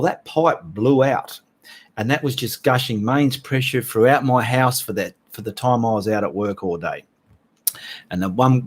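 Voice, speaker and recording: A middle-aged Australian man hosting a casual livestream, chatting in a rambling way and greeting viewers by name. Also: medium pitch. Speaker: livestream host.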